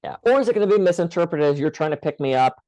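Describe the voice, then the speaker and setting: A woman's voice: on the low side, animated, rapid-fire, dark tone, no room sound, rough recording. An older woman in casual podcast conversation, candid and frank, telling stories with laughter. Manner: candid, storytelling, laughs often.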